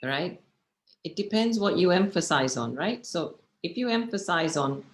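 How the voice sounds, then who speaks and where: A woman's voice: sits low, expressive, unhurried, reverberant. A woman meditation teacher giving a chatty, encouraging workshop talk over a video call, often checking in with her listeners.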